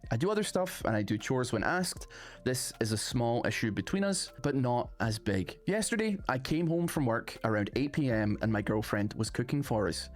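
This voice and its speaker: A man hosting a channel, reading online posts aloud and chatting about them in a casual, animated way. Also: medium pitch, normal speed, faint music behind. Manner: chatty, animated, rising emphasis on phrase openings. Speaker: host reading online stories. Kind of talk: casual read-aloud and commentary.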